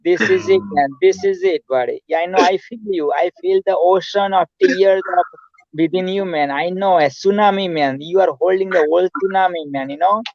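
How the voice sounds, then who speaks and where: A high-pitched man with as his hosts an online chat, effusive and full of repeated "man" and "buddy." The sound is dry and a bit dull. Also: normal speed, dry recording. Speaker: host. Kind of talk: casual video call chat.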